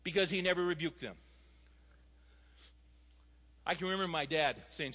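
A man's voice: on the high side, fast talker, bright, forceful tone, slightly rough, big-room sound. A man preaching a sermon with emphatic, fervent exhortation.

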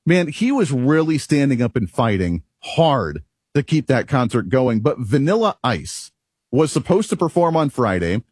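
A man's voice: mid-range voice, sing-song, moderate pace, darkish tone, breathy edge, no room sound, studio quality. A male radio talk show host delivering an opinionated monologue, emphatic and rhetorical, chuckling at himself now and then.

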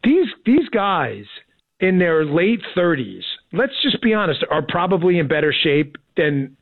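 Excited man on a tinny phone line. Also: fairly high pitch, unhurried, no echo. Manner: excited, rambling with many restarts. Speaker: former Secret Service agent guest. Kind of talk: casual interview on radio.

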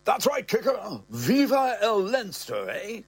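A man's voice: sits high, very animated, slow pace, slightly rough, no room sound, voice pushed up, heavily acted. A man reading aloud, putting on a pompous, sputtering older father with an affected posh tone. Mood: jovial.

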